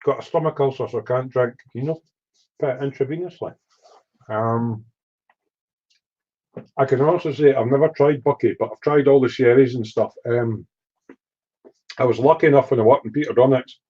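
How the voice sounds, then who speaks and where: A man's voice: mid-range voice, normal speed, long pauses, warm tone, muffled recording. A middle-aged man from Edinburgh with a Scottish accent, chatting casually and reading out chat on a live stream. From Scotland. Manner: swearing, rambling storyteller reading chat aloud.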